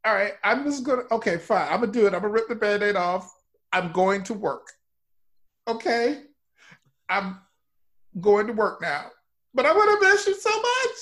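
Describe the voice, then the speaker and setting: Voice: medium pitch, normal speed, long pauses, a bit bright, close to an everyday voice. A performer voicing a tearful woman in an improvised comedy sketch, saying a melodramatic goodbye before going to work. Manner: melodramatic, tearful back-and-forth. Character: weepy woman leaving her lover for work.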